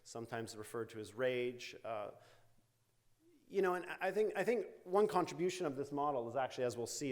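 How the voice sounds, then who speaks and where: Middle-aged man giving a conversational lecture. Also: medium pitch. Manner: conversational, frequent fillers and "right?" tag questions. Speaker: invited lecturer, psychology researcher. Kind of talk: academic lecture with quoted therapy examples. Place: university lecture hall.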